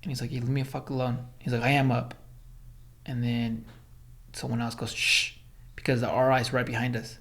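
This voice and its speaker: A man from Los Angeles, a former Army Ranger, telling stories as a podcast guest, animated, swearing, acting out quotes. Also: medium pitch, a little fast. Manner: animated storyteller, acts out quotes, swears, many fillers. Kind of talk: casual storytelling in interview.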